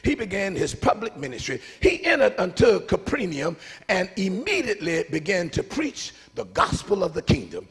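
A man preaches in a church sanctuary with a husky, gravelly voice that sits fairly high and swoops wildly in pitch. He calls out to the congregation, pushes some lines to a shout and pulls others down to a near hush. A long reverb hangs behind his words. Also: moderate pace. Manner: animated, swings from shouts to hushed asides. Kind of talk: call-and-response sermon.

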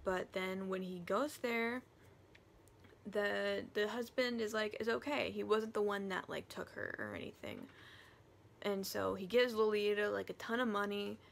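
Chatty woman reviewing books, unhurried. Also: medium pitch, vocal fry. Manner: animated, chatty, slips into whispers. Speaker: book reviewer. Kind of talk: casual book review vlog.

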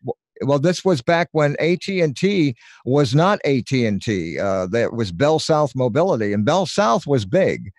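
A man's voice: medium pitch, sing-song, measured pace, a little mellow, no echo. Middle-aged male voiceover artist, chatty storyteller, dry close sound. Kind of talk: casual chat on a live stream.

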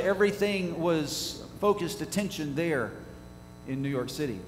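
Male pastor, high-pitched, preaching in a big reverberant sanctuary; rhetorical, builds from hushed to loud. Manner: rhetorical questions to the congregation, swinging from quiet to loud. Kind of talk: sermon. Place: church sanctuary. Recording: echoey church hall, faint hum.

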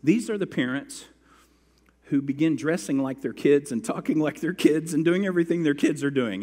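A man's voice: fairly high pitch, moderate pace, a little mellow, big-room sound. A man pastor preaching a sermon, telling stories and acting out quotes as he goes. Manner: storytelling with acted-out quotes. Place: church sanctuary.

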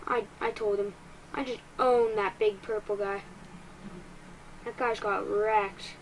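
A woman giving excitable let's-play commentary as a gaming YouTuber, quick to get frustrated and poking fun at herself. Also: medium pitch, a little hiss or hum, rough recording.

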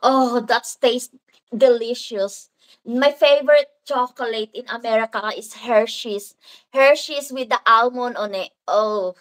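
A woman's voice: a little high, a bit bright, low-quality recording. A woman from the Philippines with a Filipino accent, hosting a casual live stream and chatting through viewer comments in a rambling way, with Filipino words mixed in. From Philippines (Davao). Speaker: livestream host.

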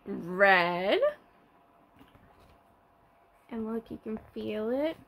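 A young woman reads a picture book to toddlers in a high, very lively sing-song voice. She speaks slowly and gasps in surprise between pages. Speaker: toddler room teacher.

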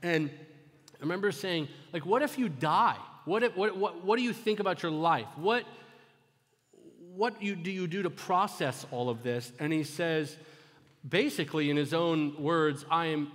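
A male pastor preaching a sermon, telling stories and moving between loud, urgent exhortation and hushed, low retelling. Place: church sanctuary. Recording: long church hall reverb.

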